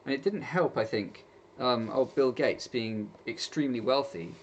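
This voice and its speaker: Brief: vlogger, mid-pitched, sarcastic and fed up, faint background hum. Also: male voice, normal speed, dull audio. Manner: exasperated, sarcastic, mocking quoted voices. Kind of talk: opinion rant to camera.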